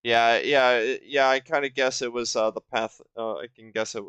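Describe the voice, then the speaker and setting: A man in his twenties giving casual commentary while playing a video game, rambling and halting with lots of fillers and restarts. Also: medium pitch, a bit bright, clear, resonant tone, no room sound. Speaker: gaming video host. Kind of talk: casual let's-play commentary.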